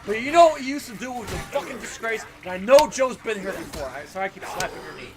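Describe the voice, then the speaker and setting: A man in his thirties hosting a gaming livestream, telling profane, animated stories with frequent laughter. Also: sits high, fast talker, over music. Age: 30s. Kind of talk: casual livestream chat and storytelling.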